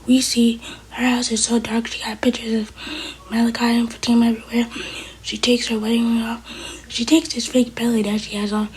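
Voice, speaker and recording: A woman's voice: a little high, darkish tone, breathy edge, low-quality recording. A woman giving a whispered TV recap, chatty and opinionated as she retells an episode. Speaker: TV episode reviewer.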